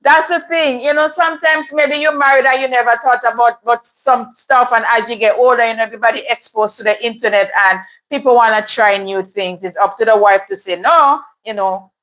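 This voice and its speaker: Woman, livestream host, candid and chatty, a little higher voice, reads chat aloud and riffs on it. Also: steady tone, fairly quick, hardly any pauses, a bit bright, rough recording. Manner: candid, chatty, laughs often. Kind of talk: casual live chat. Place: home in Toronto.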